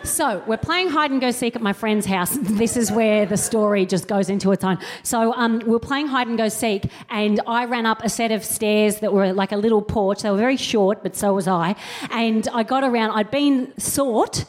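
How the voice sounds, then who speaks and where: Woman comedian, about 40, slightly high voice, animated live storytelling, dry self-mockery. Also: moderate pace. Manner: animated, acts out quotes in mock voices; wry, self-mocking. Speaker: comedian and co-host. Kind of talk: comic storytelling before a live audience.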